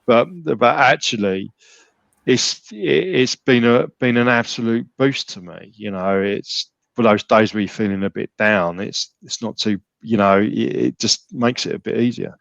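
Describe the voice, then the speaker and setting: A man's voice: lowish voice, a little slow, creaky, a bit bright, no echo, muffled recording. A man talking casually as a podcast guest, rambling with many restarts and fillers. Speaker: gym member guest.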